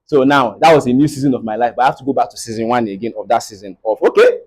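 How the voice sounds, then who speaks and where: A man's voice: mid-range voice, expressive, racing, a little mellow, breathy edge, low-quality recording. A young Nigerian man with a Nigerian English accent, giving a faith-based motivational talk to a live audience in a preacherly way and often checking in with "right?". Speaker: motivational speaker.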